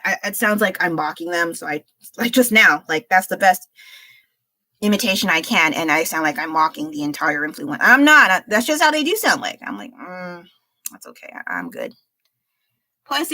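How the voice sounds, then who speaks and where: A woman's voice: on the low side, pushed and bright, dry recording, poor audio. A woman chatting casually on her art livestream while painting, a little under the weather, rambling with sighs and laughs.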